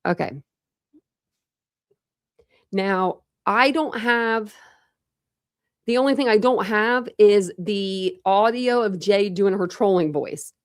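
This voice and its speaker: A woman's voice: medium pitch, slow, pauses often, no room sound, clean studio sound. A woman hosting a true crime channel, talking casually to viewers and thinking aloud as she goes. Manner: rambling, thinks aloud with restarts.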